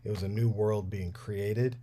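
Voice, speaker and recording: The host of a toy repair livestream, a man in his thirties, talks a little slowly in a fairly low, warm, steady voice. He rambles casually and laughs often as he repairs action figures.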